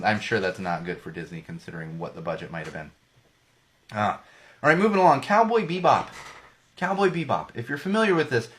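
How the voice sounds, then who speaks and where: A man hosts a casual solo podcast in a voice on the low side and a bit bright, though slightly worn as he's losing it a little. He rambles and jokes, frequently restarting and correcting himself.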